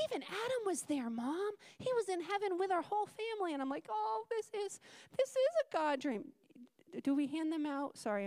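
High-voiced woman preaching, animated storyteller. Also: no room sound, studio quality. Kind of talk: sermon. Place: church.

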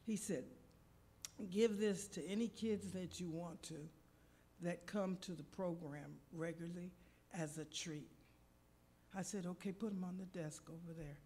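A woman's voice: on the low side, measured pace, slight background noise. A woman preacher telling a personal story in a sermon, acting out the voices of the people in it. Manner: animated, acts out the people in her story. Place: church.

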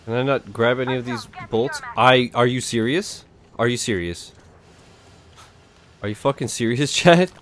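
A man's voice: medium pitch, moderate pace, long pauses, fairly bright tone, a little hiss or hum. A man giving casual, sarcastic, profane commentary while playing a video game. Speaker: gaming streamer.

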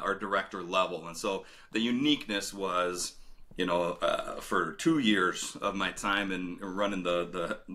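Middle-aged man, low crisp voice, rambling interview guest. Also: sharp tone. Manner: rambling, many fillers and restarts. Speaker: former retail director, guest. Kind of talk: casual interview storytelling.

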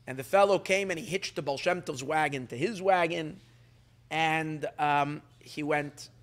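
A rabbi tells an old Hasidic tale to a gathered community. His voice sits a little high for a man, and he keeps stopping, repeating words and restarting his sentences, with Yiddish words mixed in. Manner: halting storyteller, many restarts and fillers, Yiddish words. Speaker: rabbi telling a Hasidic story. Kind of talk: storytelling talk. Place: community gathering, evening meal.

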